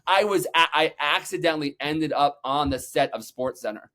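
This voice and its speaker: A man guest on a podcast, telling energetic stories with loose swearing and many "like"s. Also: fairly high pitch. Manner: energetic, acts out quotes, talks fast with many "like"s. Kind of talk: animated storytelling, casual swearing.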